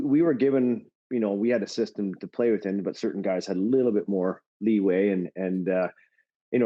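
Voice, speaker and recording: Middle-aged male podcast guest, lively storyteller, dull lo-fi recording. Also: lowish voice. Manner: animated, laughing storyteller with many fillers. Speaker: guest, former hockey player. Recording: dull lo-fi sound.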